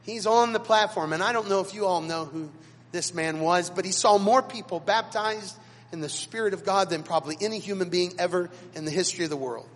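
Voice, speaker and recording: A man, a pastor, preaching a sermon and telling stories dramatically, with sudden swings between quiet and loud. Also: high voice, a little fast, long reverb tail, slight background noise. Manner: dramatic storytelling with big swings in loudness. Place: church sanctuary.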